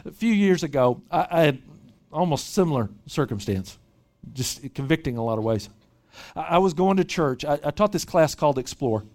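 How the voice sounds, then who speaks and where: A man delivering a sermon to a retreat gathering. His pitch sits somewhat high and moves a great deal, rising and falling as he presses each point. He stumbles over and repeats opening words as he goes. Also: normal speed. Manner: animated, repeats words when starting a thought. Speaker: pastor. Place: church retreat session.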